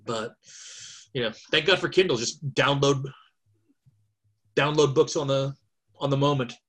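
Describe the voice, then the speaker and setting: A man's voice: mid-range voice, measured pace, fairly bright tone. A man chatting on a podcast over a video call, talkative and thinking aloud with many fillers. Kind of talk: casual chat.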